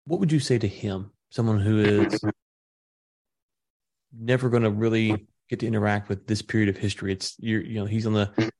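A middle-aged male interviewer with a low, gravelly voice asks his question, stopping and restarting as he reaches for the right words. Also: steady tone, moderate pace, darkish tone, low-quality recording. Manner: searching for words while posing a question.

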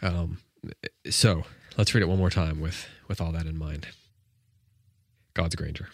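A man hosting a poetry podcast, reading a poem slowly and with care, then explaining it in a relaxed, rambling way. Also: deep voice, no echo, studio quality. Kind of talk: poetry reading and casual commentary.

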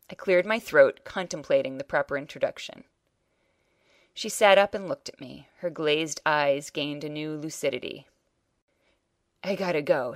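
A woman's voice: sits low, dry recording. A woman reading a first-person short story aloud with dry, wry storytelling. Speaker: reader.

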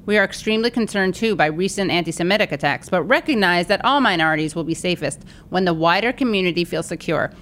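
A woman's voice: on the low side, fairly bright tone, a little hiss or hum. A wry, chatty woman co-hosting a podcast, reading a letter aloud and trading jokey asides. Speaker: podcast co-host.

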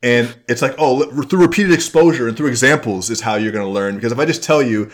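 A young man hosts a podcast in a mid-pitched voice. He thinks out loud and circles back through restarts, and now and then he slips into playful impressions. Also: fast, hardly any pauses. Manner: rambling, reflective, acts out quoted voices. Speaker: podcast host. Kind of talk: casual chat.

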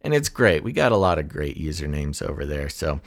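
A man co-hosting a live-streamed news talk show, chatting loosely and reading articles aloud with quick asides. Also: a bass voice, big pitch swings.

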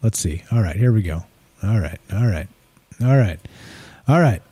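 Man, call-in show host, fast and rambling, mellow tone, dry close sound. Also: fairly low pitch, expressive, slightly rough, dry recording. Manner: quick-talking, rambling with fillers. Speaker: podcast host. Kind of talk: casual live call-in show.

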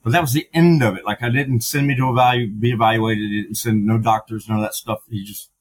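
A man's voice: medium pitch, steady tone, fast, a little hiss or hum, poor audio. A middle-aged man, a podcast guest, telling his story candidly, with frank, profane talk full of fillers and restarts.

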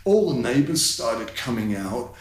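A man, a guest telling a personal story in conversation, animated and candid, his voice climbing in the tense parts, with fillers and swearing. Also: mid-range voice, measured pace, roomy sound, rough recording. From London, England.

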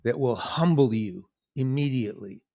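A man hosting a podcast, chatting casually and telling animated stories, acting out the lines of the people he quotes. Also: mid-range voice, moderate pace. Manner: animated storyteller, acts out quotes in other voices. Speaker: podcast host. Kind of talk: casual conversation.

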